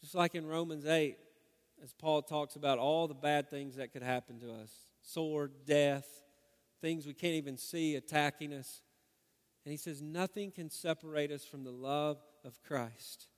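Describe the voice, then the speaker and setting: A middle-aged man preaching a sermon and leading a prayer, earnest, swinging from loud urging to hushed prayer. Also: fairly high pitch, steady tone, unhurried. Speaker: pastor. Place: church hall. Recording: long hall reverb.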